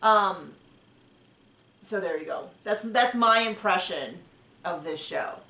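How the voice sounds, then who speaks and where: A woman's voice: fairly low pitch, expressive, slow pace, creaky, pushed and bright, echoey room. A woman hosting a casual TV recap chat, rambling with frequent restarts and fillers. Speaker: TV recap host.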